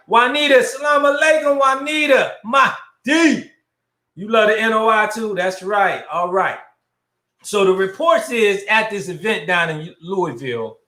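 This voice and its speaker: High-voiced, bright-toned male show host. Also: reverberant. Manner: animated, greets viewers by name; blunt, profane. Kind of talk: livestream commentary.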